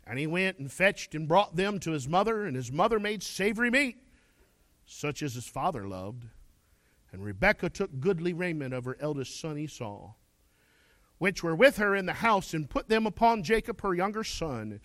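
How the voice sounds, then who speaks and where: A man's voice: on the high side, very animated, normal speed, a bit bright, no room sound. A man preaching a sermon, reading scripture aloud and then pressing his listeners with pointed questions. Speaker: pastor.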